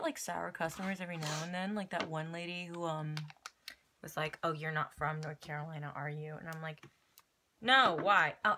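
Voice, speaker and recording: A young woman from Louisiana talks bluntly and sassily in a casual chat. Her voice is bright and forceful, pitched a little low, with a light hiss of noise under it. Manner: blunt, sassy, outspoken. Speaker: guest, friend of the host.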